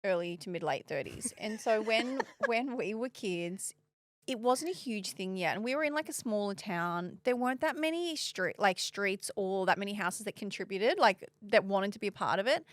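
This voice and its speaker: A woman's voice: mid-range voice, expressive, normal speed, no echo. A woman in her thirties hosting a podcast, chatting playfully and laughing often. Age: 30s. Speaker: podcast host. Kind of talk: casual chat.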